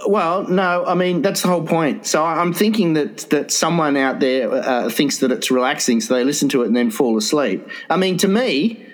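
A man's voice: on the high side, normal speed, hardly any pauses, poor audio. A man co-hosting a casual chat, joking around and hedging his words with lots of "uh" and "um". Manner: jokey, hesitant with many fillers.

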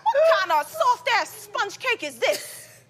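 An actress playing a feisty woman inmate from Jersey who picks a fight, loud and challenging. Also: very high voice, very animated, slow pace, noisy background, exaggerated voice. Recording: TV clip with music.

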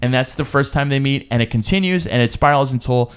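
Male podcast co-host, casual, animated storyteller, acts out quotes. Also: mid-range voice, fast talker, clear, resonant tone. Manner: animated recapping, acts out quotes in mocking voices. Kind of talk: casual chat.

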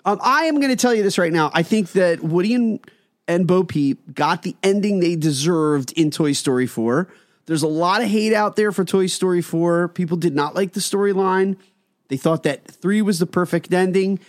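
A man's voice: sits high, normal speed, dry recording, clean studio sound. A man co-hosting a podcast in casual chat, enthusiastic and laughing often. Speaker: podcast co-host.

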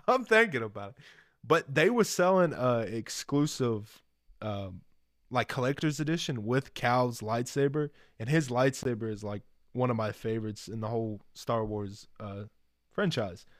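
A man's voice: mid-range voice, expressive, measured pace, no echo, clean studio sound. A man co-hosting a casual podcast chat, laid-back, swearing freely and laughing often. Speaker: podcast co-host.

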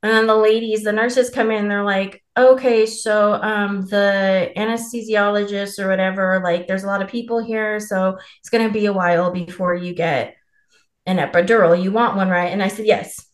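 Young woman, podcast co-host, casual storytelling, blunt and swearing, middle pitch, roomy echo. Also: fairly even intonation, normal speed. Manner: candid and profane, laughing as she tells it.

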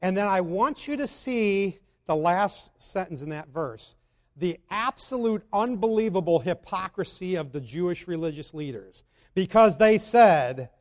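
A man with a high voice preaches a sermon, and a long reverb from the hall hangs on his words. He alternates between loud, emphatic stretches and quiet, slow reading of scripture. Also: lively intonation.

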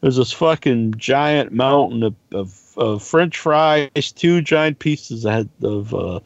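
A man's voice: mid-range voice, expressive, slow, dry recording. A man on a podcast, chatting casually and telling long, rambling stories with plenty of swearing. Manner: rambling storyteller, swears freely. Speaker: podcast co-host. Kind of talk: casual chat. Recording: slightly dull, dry recording.

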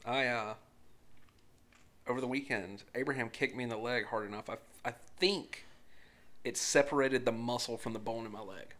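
A man telling stories about his kid in a casual chat, swearing and animated. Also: mid-range voice, moderate pace. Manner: profane, animated storytelling.

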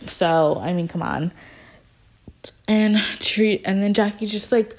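A woman's voice: mid-range voice, takes it slowly, pauses often. A woman recapping reality TV in casual chat, acting out what people said and leaning on "like" as a filler. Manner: animated storytelling, acting out quotes with "like" fillers.

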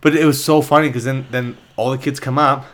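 A middle-aged man on a casual podcast, telling a rambling, animated story about his kids' school. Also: mid-range voice, a little fast. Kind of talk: casual chat.

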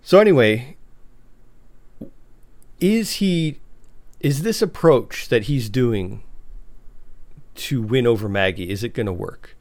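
A man casually recapping a TV episode, talking in a halting, chatty way with restarts. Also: mid-range voice, animated, darkish tone, dry recording.

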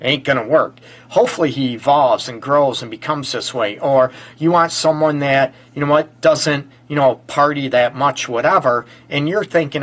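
A man hosting a live-streamed relationship advice show, hoarse and stuffy from a cold, chatting loosely with lots of fillers and greeting viewers. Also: medium pitch, normal speed, fairly bright tone. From Michigan. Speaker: relationship counselor and show host.

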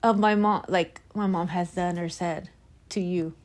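A young woman co-hosting a casual chat, bubbly and quick to laugh. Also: lowish voice, steady tone, darkish tone. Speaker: podcast co-host.

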